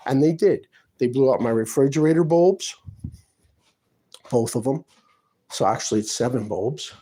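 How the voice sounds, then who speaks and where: A man's voice: medium pitch, moderate pace, warm tone, breathy edge. A man filming in his own apartment on a handheld phone, talking in an aggrieved, insistent way and repeating himself. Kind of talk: agitated self-filmed complaint.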